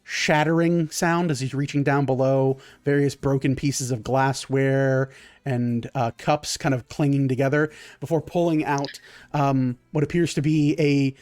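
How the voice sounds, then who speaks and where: A man's voice: mid-range voice, steady tone, a little slow, darkish tone, no echo. A man narrating a tabletop game as game master, improvising vivid descriptions.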